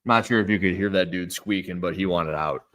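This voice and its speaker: A man's voice: sits low, brisk, a bit bright. Joking, teasing American man. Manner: joking, teasing, says "dude" a lot. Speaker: podcast co-host. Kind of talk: casual chat.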